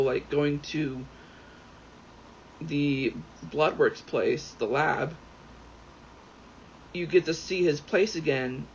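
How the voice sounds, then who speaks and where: A rambling, excitable man commenting casually while he plays, swearing freely and jumping between thoughts. His voice sits a little high for a man. The recording is dull and lo-fi, with a faint hiss of noise behind him. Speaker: gaming YouTuber.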